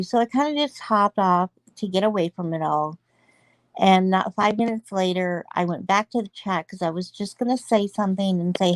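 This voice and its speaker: A woman's voice: mid-range voice, expressive, normal speed, no room sound. A woman talking through an upsetting online argument in casual chat, earnest and emotional, laughing now and then between points.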